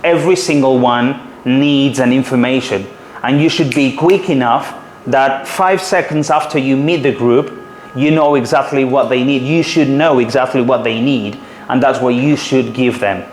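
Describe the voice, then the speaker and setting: A man's voice: mid-range voice, moderate pace. A man in his forties with a Spanish accent, a city guide trainer explaining his craft to a workshop in a confident way, with a few hesitant fillers. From Spain. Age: 40s. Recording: roomy hall with faint room noise.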